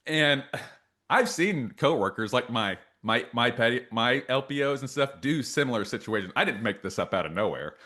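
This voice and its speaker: Guy on a podcast spinning a story, gets loud acting out what people said, swings up and down a lot. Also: mid-range voice, brisk, hardly any pauses. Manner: animated storyteller, acts out quotes loudly. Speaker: podcast co-host. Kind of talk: casual storytelling chat.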